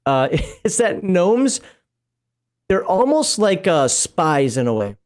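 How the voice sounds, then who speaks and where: A man with a notably high voice, talking casually on a game livestream. He reads rulebook text aloud, then drifts into chatty tangents and laughs often. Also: big pitch swings, takes it slowly, a little mellow. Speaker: co-host of a tabletop game livestream. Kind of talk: casual chat while reading a rulebook aloud.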